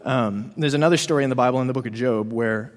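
A man's voice: medium pitch, quick pace. A man giving a casual sermon to students, retelling a Bible story in a chatty way with plenty of "um" and "you know". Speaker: preacher to students. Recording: reverberant hall.

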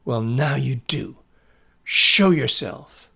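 A man's voice: mid-range voice, slow, gravelly, pushed and bright, husky, full character voice. A man voicing a small, stubborn young girl who talks back in a raised voice. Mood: defiant.

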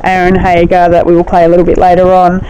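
A woman's voice: on the low side, monotone, fast talker, dark tone, highs cut off, a little hiss or hum. A woman hosting a podcast, asking friendly questions of her guest. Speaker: podcast host. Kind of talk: casual podcast interview.

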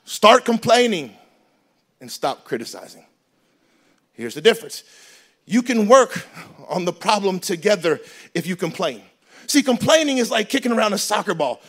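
High-pitched guy preaching at church into a mic, jokey, swings loud to quiet. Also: normal speed, pauses often. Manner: animated, joking, shifts between loud emphasis and quiet asides. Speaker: pastor. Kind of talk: sermon. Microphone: handheld microphone.

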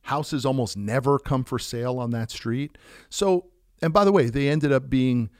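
A man's voice: mid-range voice, moderate pace, no echo. Male business owner, mid-range voice, casual storytelling, fillers and restarts, dry close sound. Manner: conversational, frequent restarts and fillers. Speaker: business owner talking about sales.

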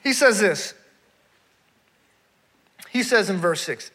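High-voiced, bright animated male preacher. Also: unhurried, long pauses. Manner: animated preaching, rising to near-shouts then dropping low; addresses crowd as "y'all", asks rhetorical questions. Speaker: traveling preacher. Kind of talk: sermon.

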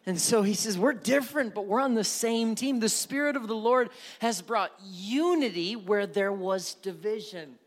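A man preaching a sermon from the pulpit, moving from soft, low passages to loud, emphatic ones and repeating words for emphasis. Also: normal speed, hardly any pauses. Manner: builds from soft near-whisper to shouted fervor. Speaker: pastor.

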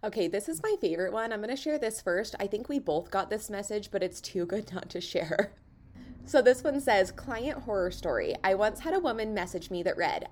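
A woman's voice: mid-range voice, animated, darkish tone. A giggly woman co-hosting a laid-back chat show. Her voice swoops up and down with a lot of melody as she reads stories aloud. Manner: giggly, quick to laugh. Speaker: podcast co-host, hairstylist. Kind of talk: casual chat, reading listener stories.

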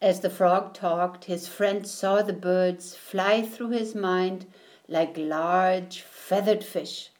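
A woman reading a children's picture book aloud in a gentle, deliberate storytelling manner. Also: on the low side, steady tone.

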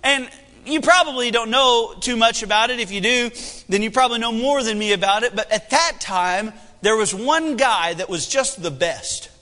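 A young preacher tells a story from the pulpit in a high, bright, ringing voice. He talks in a folksy, animated way, and his energy rises and falls. The sound carries a long echo from the hall. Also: normal speed. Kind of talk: sermon storytelling.

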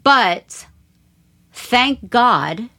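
A woman host leads the interview, drawing out her guest with empathetic questions. She speaks slowly and deliberately, her pitch rising and falling a great deal as she talks. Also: lively intonation, pushed and bright.

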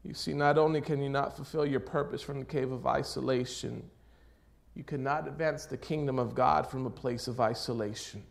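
A man preaching a sermon as pastor, moving between hushed, near-whispered passages and loud, rising exhortation, with repeated rhetorical questions. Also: medium pitch, steady tone, normal speed, vocal fry.

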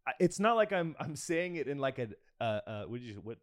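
A young adult man chatting casually on a podcast, laughing and swearing, sometimes dropping low and quiet as he explains. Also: very animated, a little fast. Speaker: podcast guest, former overseas volleyball player. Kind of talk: casual chat.

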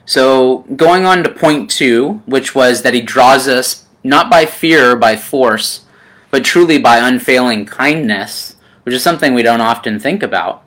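A man delivers a sermon in a gentle, personal manner, often calling his listeners friend. His delivery is slow and drawn out, with frequent ums and pauses. His voice has a clear, bright edge. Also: mid-range voice. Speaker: preacher.

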